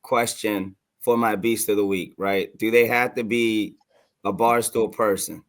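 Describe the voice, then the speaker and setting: A man co-hosting a podcast, talking in easygoing, chatty banter with a few halting starts. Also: lowish voice, fairly even intonation. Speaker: podcast co-host.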